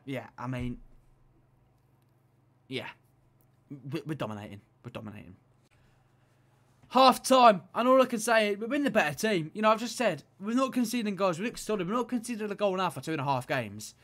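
A young man commentating his own football video game match, excitable and shouting at the referee. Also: fairly high pitch. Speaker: gaming YouTuber.

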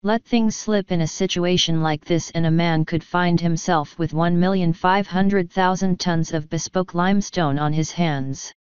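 A woman reads a story aloud in a low, very clear and smooth voice. The sound is dry and close, with a slightly dull, lo-fi edge to the recording. Her storytelling stays even and measured. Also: no echo. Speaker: audiobook reader. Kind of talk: scripted narration.

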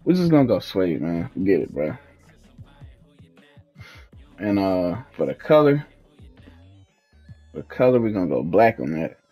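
A man's voice: low voice, very animated, unhurried, long pauses, warm tone, faint music behind. A young man hosting a casual gaming walkthrough, talking in a laid-back, slangy way and trailing off while he thinks. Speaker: gaming video host. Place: at home, in his fiancée's house.

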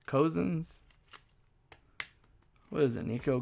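Card-break host, male, unhurried and gravelly, loud card calls with muttered asides. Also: medium pitch. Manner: announces each card loudly, then mutters asides. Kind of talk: casual card-break commentary.

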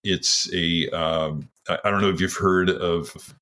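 A man's voice: sits low, fairly even intonation, a little slow, sharp tone. A man in his sixties from Washington State, a retired firefighter telling his story earnestly in an interview. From Washington State, USA. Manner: earnest, acts out others' words while telling a story.

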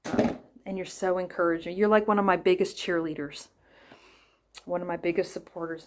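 A woman's voice: on the low side, fairly even intonation, a little fast. A middle-aged woman chatting casually as she unboxes gifts on her crochet vlog, gushing and thinking aloud. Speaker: crochet vlogger.

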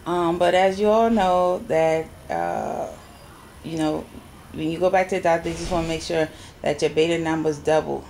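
A woman with a low, gravelly voice chats casually into a camera she holds at arm's length. She rambles and pauses often, and a faint hum of ambience sits underneath. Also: steady tone, a little mellow. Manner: chatty and rambling, with frequent pauses. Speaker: vlogger giving a personal update. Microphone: handheld camera at arm's length.

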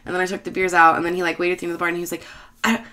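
Thirtysomething woman rambling on her own show, lowish voice but bright and punchy, cusses a lot, laughs at herself. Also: monotone, very fast. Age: 30s. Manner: profane, self-mocking, laughs often. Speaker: bartender and show host. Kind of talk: casual rambling monologue.

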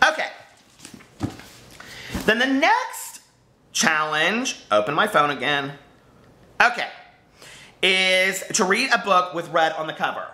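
A man's voice: high voice, big pitch swings, slow, pauses often, pushed and bright, echoey room. A man chatting casually and playfully to camera as a book vlogger.

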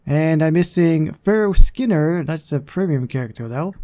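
A man's voice: on the high side, lively intonation, normal speed, mellow. A man hosting a gaming channel, giving casual gameplay commentary in a chatty, self-deprecating way with muttered asides.

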